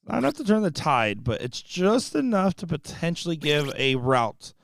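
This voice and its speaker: A young man doing live darts commentary from a booth, fast-talking and jokey, laughing often. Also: a little high, big pitch swings, gravelly, slight background noise. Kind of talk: live sports commentary with banter.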